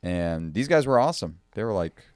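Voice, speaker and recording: A man's voice: lowish voice, very animated, fairly quick, a little mellow, clean tone, no echo, studio quality. A man in casual chat as a podcast co-host, giving short, laid-back replies and telling his own childhood stories.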